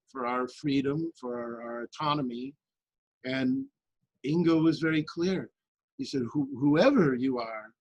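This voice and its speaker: Man, impassioned, earnest, halting restarts, fairly high voice. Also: dry recording, rough recording. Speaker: guest in a remote viewing discussion. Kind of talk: casual group discussion.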